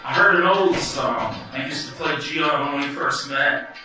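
A man performing a wry, animated first-person story live. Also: a little high, unhurried, music in the background. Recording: echoey hall from far off.

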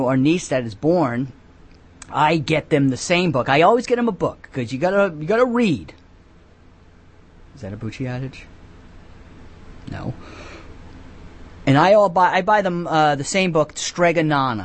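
A man hosting a comic call-in radio show, rambling in a deadpan, absurd way with many halting restarts. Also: a little high.

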